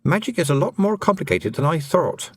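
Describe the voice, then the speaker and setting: A sensible young farm girl speaks in an earnest, nervous way, as a male storyteller voices her. The voice is lifted and lively, with dry, close audiobook sound. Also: on the high side, brisk, husky, dry recording, voice pushed up.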